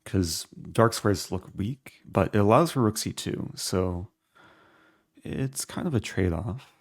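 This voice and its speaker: Deep, gravelly-voiced man thinking aloud. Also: expressive, takes it slowly, dry recording, clean studio sound. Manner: thinking aloud while calculating moves. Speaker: chess streamer. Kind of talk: live-stream game commentary.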